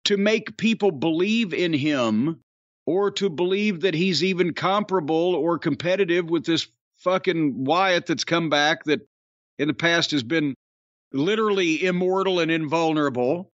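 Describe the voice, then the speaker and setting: A man's voice: fairly high pitch, moderate pace, fairly bright tone, no room sound, dull audio. A man hosting a podcast, ranting bluntly and profanely about wrestling with an exasperated manner. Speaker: podcast host.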